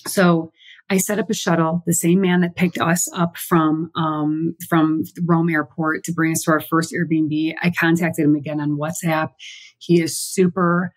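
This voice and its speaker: A woman co-hosting a podcast, telling a travel story in casual chat, animated and swearing casually. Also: sits low, measured pace. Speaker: podcast co-host.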